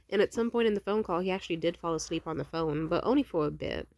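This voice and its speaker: A woman's voice: on the low side, a little fast. A young woman telling a long personal story in a casual vlog, rambling and cursing, acting out both sides of the conversation. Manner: rambling, profane, animated quoting of others. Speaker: vlogger.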